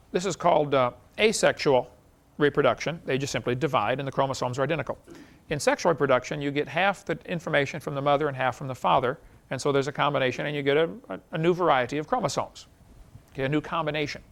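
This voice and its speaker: Gravelly-voiced man lecturing. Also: fairly high pitch. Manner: folksy, chuckles at his own stories. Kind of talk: classroom lecture with anecdotes.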